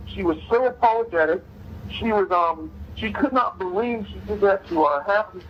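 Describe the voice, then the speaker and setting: A man being interviewed, recounting events hesitantly with many pauses and restarts. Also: sits high. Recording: muffled clip with faint noise.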